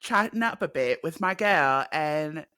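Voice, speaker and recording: Female podcast co-host, bright edge, dry close sound, playful slangy chatter. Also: very deep voice, dry recording. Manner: playful and expressive, quick with slang. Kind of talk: casual chat.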